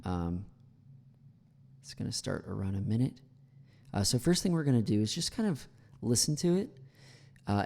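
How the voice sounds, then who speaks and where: A man's voice: lowish voice, dark tone, long reverb tail. An American man teaching English, critiquing a speech clip in a chatty way with many fillers. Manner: chatty, many fillers, repeats words for analysis.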